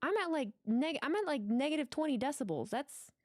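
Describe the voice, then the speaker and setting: A woman's voice: sits high, expressive, a little fast, a little mellow, dry recording, clean studio sound. A woman hosting a casual livestream, chatty, profane and giggly, talking into a headset mic from a home streaming setup. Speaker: livestream host. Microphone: headset with mic monitoring.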